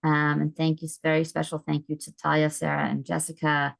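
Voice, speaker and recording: Woman, low voice, gravelly, hesitant with many ums, dry close video-call audio. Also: completely flat delivery, fairly quick, no echo. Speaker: host of an online book event. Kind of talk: casual video call announcements.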